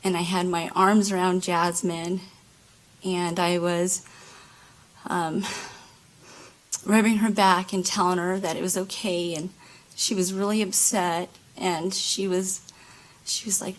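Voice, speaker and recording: A woman giving courtroom testimony as a witness, halting, with many fillers and restarts. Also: mid-range voice, fairly even intonation, rough recording. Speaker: trial witness. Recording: courtroom microphone.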